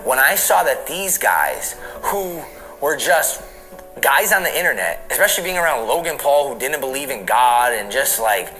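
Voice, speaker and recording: A man's voice: mid-range voice, big pitch swings, normal speed, sharp tone, soft background music, poor audio. A man in his late thirties giving a candid, reflective personal testimony in an interview, laughing now and then. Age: late 30s. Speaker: interview guest.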